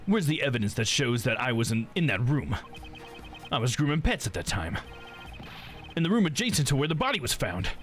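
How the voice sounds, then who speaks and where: A man's voice: mid-range voice, very animated, brisk, long pauses, faint music behind, natural voice. A man voicing a defensive male prisoner suspect who stammers through indignant denials. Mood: defiant.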